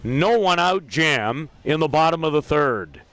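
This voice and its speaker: A man calling a softball game play by play, lively, with self-deprecating asides about player names. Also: fairly high pitch, measured pace, no echo. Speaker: play-by-play announcer. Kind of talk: sports commentary.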